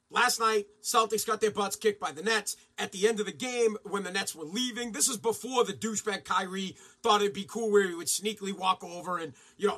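High, bright-voiced man ranting about sports. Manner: profane, mocking, shouts and mimics. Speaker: sports commentary host.

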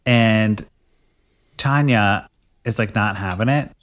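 A young man co-hosting a casual podcast chat, retelling a movie plot in a relaxed way, with a lot of "like". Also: lowish voice, slow pace. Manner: relaxed storyteller, full of "like". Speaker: podcast co-host.

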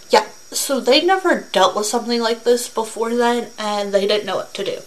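Young woman vlogging, earnest and kinda halting, reads stuff out, lots of ums, bit of noise behind. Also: mid-range voice, poor audio. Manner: earnest, halting, with many fillers and restarts. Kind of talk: casual vlog talk mixed with reading facts aloud.

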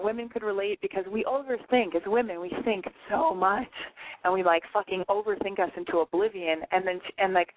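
Lady host rambling and cussing casually, sounds like a thin phone line, no room echo. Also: medium pitch. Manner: chatty, rambling, frank and profane. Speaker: podcast host. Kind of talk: casual confessional monologue.

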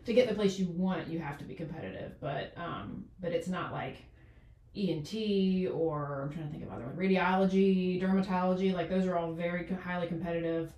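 Woman, 40s, doctor, casual chat, rambling with fillers, lowish voice, echoey room. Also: fairly even intonation, brisk, dark tone, distant mic. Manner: rambling, many fillers and restarts. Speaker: doctor, podcast guest.

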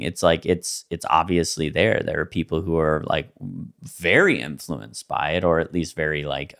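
A man co-hosting a podcast in casual, rambling chat, loose and full of fillers. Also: sits low. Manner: laid-back, rambling with many fillers and laughs. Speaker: podcast co-host.

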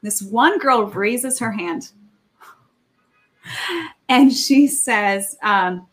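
A woman's voice: medium pitch, extremely slow, faint music behind. A woman telling a story animatedly as a podcast guest, with many restarts. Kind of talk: casual chat, storytelling.

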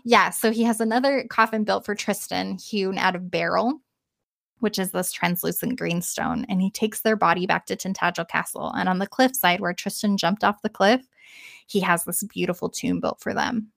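A woman co-hosting a podcast, retelling an old legend in a casual, animated chat and laughing often. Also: mid-range voice, normal speed, vocal fry, no echo, clean studio sound. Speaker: podcast co-host.

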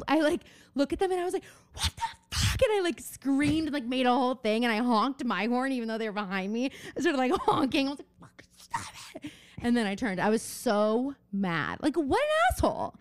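A young woman co-hosting a podcast, telling stories with lots of swearing and dramatic delivery. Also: no room sound. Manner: expressive, swears freely, dramatic swings from low mutters to squeals. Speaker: podcast co-host. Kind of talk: casual chat.

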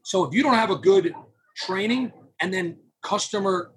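A man speaking as a podcast guest in casual interview talk, animated and acting out what his clients say. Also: high-pitched, normal speed, a little hiss or hum. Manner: animated, acts out clients' quotes. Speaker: podcast guest, phone number business owner.

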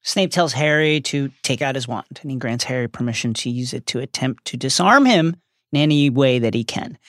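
A man's voice: mid-range voice, a little fast, a bit bright, no room sound, studio quality. A man co-hosting a podcast, recapping a book as dramatic storytelling and acting out the quotes. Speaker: podcast co-host. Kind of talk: recapping and reading book passages.

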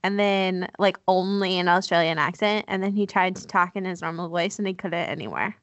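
A woman's voice: on the low side, a little fast, a bit bright, dry recording. A woman co-hosting a podcast from home, teasing her friends drily and steering the chat to new topics. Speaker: podcast co-host. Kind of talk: casual chat.

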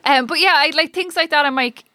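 Give me a woman with a bright, slightly high voice, chatting and swearing casually as a podcast host, recorded close and dry. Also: brisk, no room sound.

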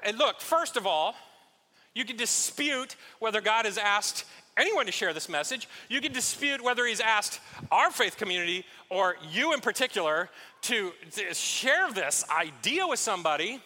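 A man's voice: high-pitched, big pitch swings, moderate pace, bright, forceful tone, big-room sound. A man preaching a conversational sermon as pastor, acting out little scenes and poking fun at himself. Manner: conversational, self-deprecating, acts out little scenes.

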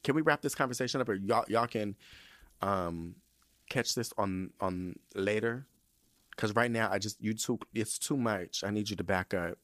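A man hosting a podcast, telling casual stories in a profane, animated way and acting out the voices of people he quotes. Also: lowish voice, normal speed, no echo, studio quality. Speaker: podcast host. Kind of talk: casual storytelling monologue.

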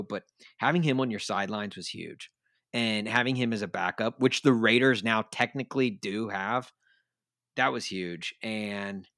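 A man's voice: lowish voice, fairly bright tone, no room sound, studio quality. A man co-hosting a casual sports podcast, rambling and laughing as he talks. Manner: rambling, self-deprecating, laughs often. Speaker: podcast co-host.

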